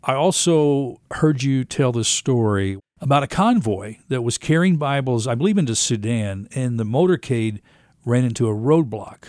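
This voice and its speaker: A man's voice: medium pitch, expressive, moderate pace, a little mellow, no room sound, clean studio sound. Attentive man hosting an interview. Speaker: interview host. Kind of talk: interview questions.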